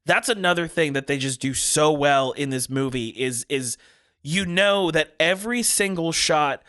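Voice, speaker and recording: A man in easy podcast chat, praising films with enthusiasm and jumping in to riff on jokes. His voice sits fairly high and comes across bright and clear. The mic is close and dry. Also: no echo. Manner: enthusiastic, quick to agree and riff. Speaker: podcast co-host. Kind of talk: casual comedic podcast chat.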